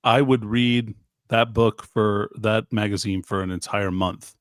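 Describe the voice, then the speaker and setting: Blunt male podcast co-host, low pitch, dry, matter-of-fact. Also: steady tone, unhurried, dry recording. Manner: blunt, dry short answers. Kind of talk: casual chat.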